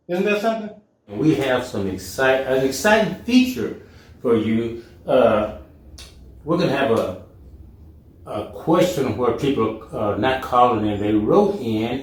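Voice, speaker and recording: A man hosting his own talk show, telling a story casually with emphatic turns. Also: mid-range voice. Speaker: show host. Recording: echoey room, mic at a distance.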